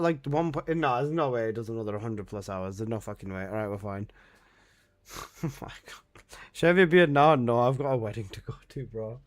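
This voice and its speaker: Excitable streamer guy, slightly high voice. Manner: exclamatory, swears often, breaks into laughter. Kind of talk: live stream chat.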